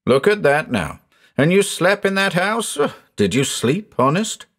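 A man voicing an excitable, superstitious middle-aged farmer with a folksy rural American drawl. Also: mid-range voice, unhurried. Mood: awed.

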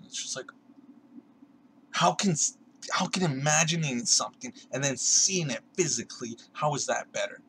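A man's voice: mid-range voice, expressive, normal speed, fairly bright tone, slight background noise, rough recording. A young man ranting casually to the camera in a vlog, sarcastic and swearing, often mimicking other people. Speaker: vlogger.

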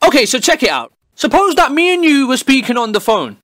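Young guy, high and lively, cheeky sweary comic rant. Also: brisk. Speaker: comedy YouTuber. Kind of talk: comedic monologue to camera.

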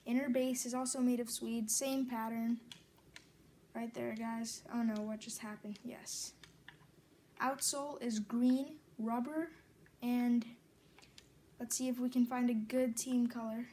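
A woman with a fairly high voice walks through a video game tutorial in a casual way. She reads long lists of settings and numbers and fixes her own slips mid-sentence. A faint hiss sits under her voice. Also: flat delivery, a little slow, long pauses, mellow. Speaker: gaming tutorial host.

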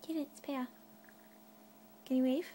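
A woman's voice: high voice, steady tone, measured pace, mellow, slight background noise. A woman at home filming her toddler on a handheld camera, coaxing him to wave in a sing-song voice. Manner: coaxing, sing-song talk to a small child. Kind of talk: casual home video. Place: home, by a couch.

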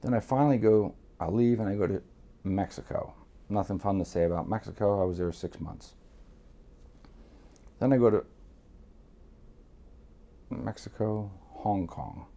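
A man's voice: lowish voice, unhurried, pauses often. A middle-aged man from Miami telling a story as an interview guest, profane and streetwise, acting out the voices in it. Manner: profane, streetwise, animated re-enactments. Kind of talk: casual storytelling.

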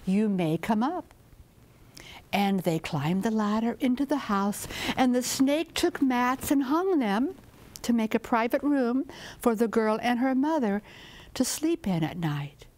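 An older woman tells a folktale to listeners at an unhurried pace. Her voice swoops up and down with lively expression and sinks into hushed, whispered phrases between dramatic pauses. It is a warm, practiced oral storytelling delivery. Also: a little high.

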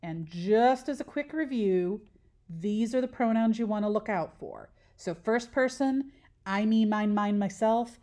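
A woman's voice: mid-range voice, expressive, a little slow, dark tone. A woman teacher giving a recorded lesson, patiently explaining step by step and asking questions that she then answers herself.

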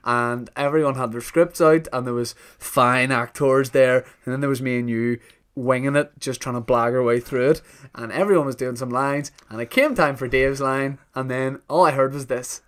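A man's voice: medium pitch, moderate pace, clear, resonant tone. A man co-hosting a podcast, telling a story in casual chat and acting out the quotes. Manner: animated storyteller, acts out quotes with laughs. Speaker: podcast co-host.

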